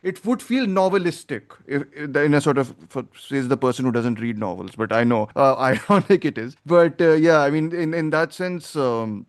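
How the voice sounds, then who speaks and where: Guy hosting a film podcast, rambly and opinionated, a bit high-pitched. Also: lively intonation, moderate pace, few pauses. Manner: rambling, opinionated, thinks aloud. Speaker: podcast host. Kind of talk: casual film review chat.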